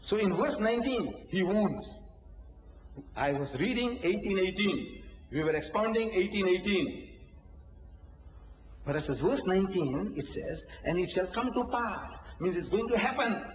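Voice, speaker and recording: A male preacher with a high voice delivers a lively religious lecture, firing off rhetorical questions and acting out little dialogues. The sound is an old lo-fi tape with a long, roomy hall echo and a faint hiss underneath. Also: a little slow. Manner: rhetorical, acts out dialogues, laughs often. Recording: echoey hall, dull lo-fi archive tape.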